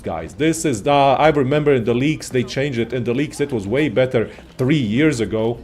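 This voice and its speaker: Male streamer, casual gaming talk, cursing, sarcastic rant, mid-pitched voice. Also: normal speed, few pauses, a little mellow, slightly rough. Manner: profane, ranting, sarcastic.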